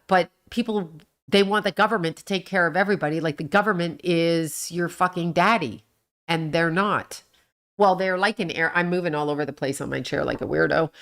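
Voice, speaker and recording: A woman's voice: lowish voice, a bit bright. A middle-aged woman hosting her own livestream, ranting bluntly with profanity, rambling from point to point and laughing often. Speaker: livestream host. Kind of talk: casual livestream rant.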